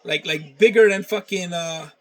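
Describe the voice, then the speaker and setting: A man's voice: high voice, normal speed, rough recording. A man ranting casually to camera, often stammering and repeating words, with plenty of swearing. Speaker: vlogger.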